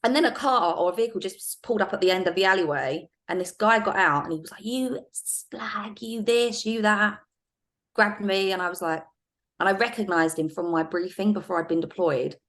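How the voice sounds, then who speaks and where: A middle-aged woman in a podcast interview, telling anecdotes in a lively casual way with frequent laughs and fillers. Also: on the low side, quick pace. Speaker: guest, former undercover police officer.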